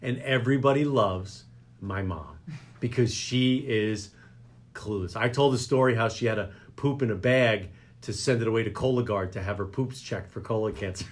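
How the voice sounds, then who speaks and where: A man's voice: on the low side, normal speed. A man hosting a local radio talk show, joking and rambling. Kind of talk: casual chat show banter.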